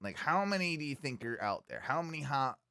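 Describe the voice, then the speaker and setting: Man, podcast co-host, casual animated storytelling, lively swooping pitch, smooth clear voice, dry close mic. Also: a little fast, no room sound. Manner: animated storytelling, frequent fillers and restarts.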